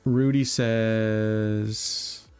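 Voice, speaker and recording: A man's voice: lowish voice, steady tone, very slow, darkish tone, smooth, faint music behind. A man hosting a casual live stream, telling stories bluntly with heavy swearing, rambling through fillers and restarts. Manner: blunt, heavily profane storytelling. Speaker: roulette livestream host.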